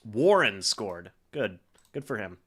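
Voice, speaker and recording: A young man hosting a live stream, reacting to a football game and calling plays in an excitable way, full of fillers. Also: fairly low pitch, takes it slowly, husky. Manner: excitable play-by-play with frequent fillers.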